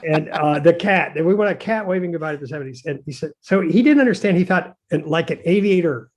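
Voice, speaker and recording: An older male designer, appearing as a guest, chats casually with a slightly high, expressive voice and a fast delivery. He tells anecdotes in a hesitant, rambling manner, full of fillers and chuckles.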